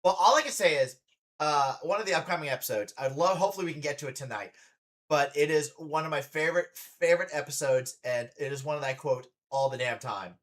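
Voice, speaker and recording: A man's voice: on the high side, fast, fairly bright tone. A man, a drag performer, hosting a casual reaction stream with chatty, playful teasing.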